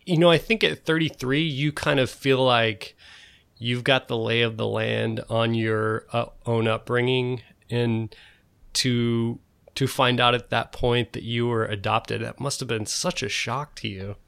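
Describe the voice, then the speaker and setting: A man's voice: medium pitch, steady tone, measured pace, gravelly, fairly bright tone, clean tone. A man in his thirties hosting an interview, reacting and asking questions in a self-deprecating way. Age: 30s. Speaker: podcast host. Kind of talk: interview conversation.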